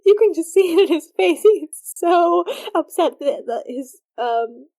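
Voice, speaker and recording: A woman's voice: very high-pitched, lively intonation, measured pace, mellow. A woman co-hosting a fan podcast in casual chat, laughing often and filling her talk with "like". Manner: laughing, lots of fillers. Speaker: podcast co-host.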